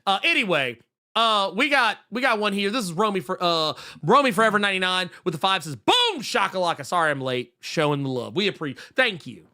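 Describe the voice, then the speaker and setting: A man's voice: sits high, sing-song, brisk, bright, forceful tone. A man co-hosting a comics podcast, ranting in a heated, profane way with lots of restarts while reading out viewer messages. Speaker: podcast co-host.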